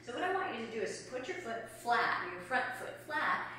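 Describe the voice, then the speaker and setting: A woman's voice: fairly high pitch, big pitch swings, normal speed, pushed and bright, a little hiss or hum. A woman in her fifties, a fitness coach, demonstrating exercises at home as she talks, a little out of breath. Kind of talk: instructional exercise video. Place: room at home. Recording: echoey room from far off.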